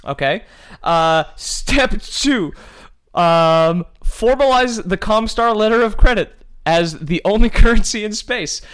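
A man's voice: high voice, animated, slow pace, fairly bright tone, smooth. A man hosting a podcast, casually recapping game lore with jokes and frequent stumbles. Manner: joking, stumbles and restarts, laughs often. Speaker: podcast host.

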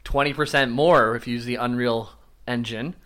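A man's voice: medium pitch, fairly even intonation, moderate pace, a bit bright. A man co-hosting a casual gaming podcast, laughing often and sharing fun facts. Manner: laughs often, shares trivia. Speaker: podcast co-host. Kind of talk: casual chat.

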